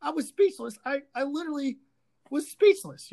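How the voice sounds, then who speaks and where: A woman's voice: high voice, expressive, moderate pace, vocal fry, warm tone. A woman hosting a sports talk show, ranting sarcastically and with profanity about a rival team. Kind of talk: ranting sports podcast chat.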